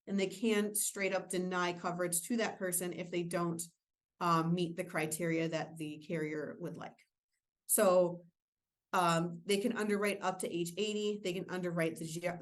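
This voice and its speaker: Casual woman teaching an insurance webinar. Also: on the low side. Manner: casual, self-deprecating asides. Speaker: insurance trainer. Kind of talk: webinar training presentation.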